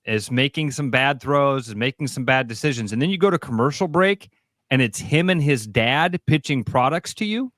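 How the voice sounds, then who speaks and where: A man's voice: medium pitch, expressive, moderate pace, fairly bright tone, no echo, clean studio sound. A man with a Midwestern American accent, co-hosting sports radio and making his points in emphatic, repetitive riffs. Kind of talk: opinionated sports talk. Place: radio studio.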